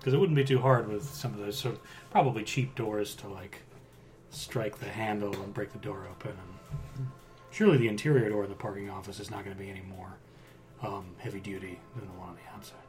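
A man's voice: fairly low pitch, fairly even intonation, fast, darkish tone. Joking man planning moves at the table. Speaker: player. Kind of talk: casual tabletop play. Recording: background music.

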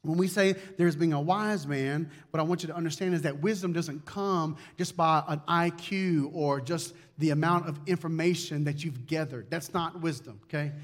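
A man's voice: on the high side, moderate pace, few pauses. A male pastor preaching a conversational sermon, repeating key words and acting out little asides.

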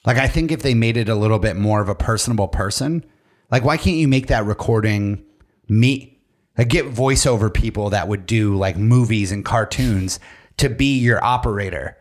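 A man's voice: fairly low pitch, moderate pace. Joking man in casual chat. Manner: joking, acts out voices in stories. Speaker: podcast co-host.

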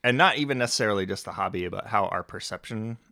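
Reflective, low-voiced podcast co-host. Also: male voice, quick pace, gravelly, pushed and bright, dry recording, clean studio sound. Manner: reflective, thoughtful, with frequent fillers. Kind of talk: casual chat.

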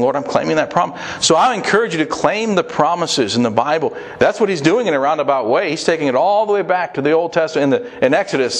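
A man preaching a sermon in an earnest, conversational way, often asking his listeners direct questions. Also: a little high. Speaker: pastor.

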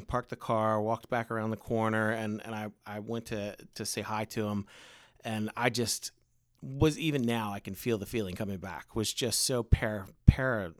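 A man with a fairly low voice tells a personal story as a podcast guest. He is earnest and halting, restarting his sentences and letting his line endings fade. The sound is close and dry. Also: dry recording. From Baltimore area. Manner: earnest, many restarts and fillers, drops to soft trailing ends. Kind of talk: casual storytelling in a podcast interview.

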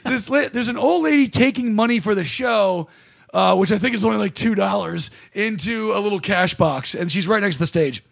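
A man's voice: high-pitched, a little fast, vocal fry, fairly bright tone. A man hosting a podcast, telling a rambling, profane, self-deprecating story about a bad comedy gig in casual chat. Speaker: podcast host and stand-up comic.

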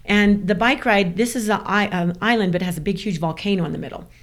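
A woman from the American South, a guest telling a story in casual chat, animated and laughing often. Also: mid-range voice, quick pace.

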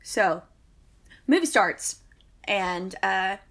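A woman's voice: mid-range voice, lively intonation, drawn-out words, fairly bright tone. A woman, co-hosting a podcast and telling a long, wry, exasperated story in casual chat. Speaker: podcast co-host.

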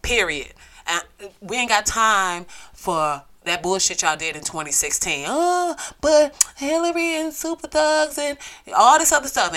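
A woman's voice: lowish voice, bright, forceful tone. A woman hosting a solo podcast, ranting in a blunt, profane, sassy way. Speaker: podcast host.

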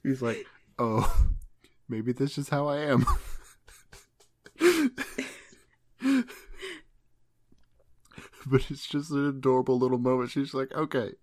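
A man recapping a show in casual chat, his voice sitting at an ordinary middle pitch. He giggles constantly between phrases. He slips into quick quoted voices for each character. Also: expressive. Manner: giggly, laughs through nearly every sentence. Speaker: podcast co-host. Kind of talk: casual chat, retelling an anime episode.

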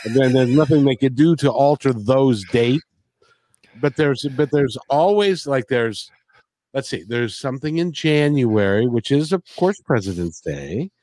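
A man's voice: medium pitch, animated, measured pace, warm tone, dry recording. A man who drives a bus, co-hosting a casual chat, rambling and joking through a rant. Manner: rambling, jokey, ranting. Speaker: podcast co-host, bus driver.

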